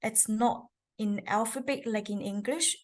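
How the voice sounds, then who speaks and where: A language teacher with a fairly high voice presents a beginners' Chinese lesson on characters and tones. She speaks at a measured pace, patiently explaining each step.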